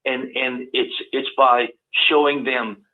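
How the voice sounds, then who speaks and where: A man with a Cajun Southern accent, a guest on a call-in show, talking in halting bursts full of repeated words. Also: medium pitch, little pitch movement. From Louisiana, US South. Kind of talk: casual call-in talk. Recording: tinny phone-line audio.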